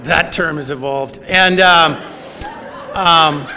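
Sardonic man with a high, bright voice. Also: slow pace. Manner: sardonic, wry, self-mocking. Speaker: speaker sharing his story at a recovery meeting. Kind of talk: humorous personal storytelling. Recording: long reverb of a large hall.

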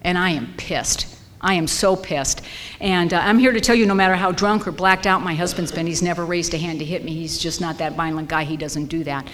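A woman's voice: lowish voice, fairly quick, fairly bright tone, a little hiss or hum. A woman sharing her personal story at a recovery meeting, candid and emphatic, repeating phrases for weight. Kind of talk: personal testimony. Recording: reverberant hall with faint ambience.

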